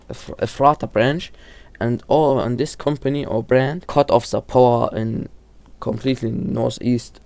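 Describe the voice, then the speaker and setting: Stammering man with a mellow voice. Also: medium pitch, creaky, no echo. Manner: stumbling, frequent restarts and self-corrections; informal, filler-heavy delivery. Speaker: YouTube lore explainer. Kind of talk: casual horror lore explainer.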